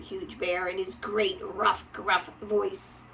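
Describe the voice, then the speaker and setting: A woman reading a picture book aloud to a child, gentle and often dropping to a whisper. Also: medium pitch, steady tone, slow, hardly any pauses, distant mic, slight background noise, poor audio.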